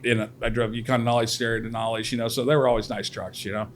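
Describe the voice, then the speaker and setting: A man's voice: mid-range voice, quick pace. Laid-back guy guesting on a podcast, says you know a lot, slight hiss. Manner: relaxed, drawling, tags with "you know" and "right". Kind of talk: casual chat.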